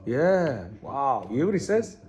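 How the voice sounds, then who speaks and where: A man's voice: medium pitch, sing-song, unhurried, darkish tone. A man teaching a class, reading from a text and explaining it, repeating phrases and checking in with his listeners.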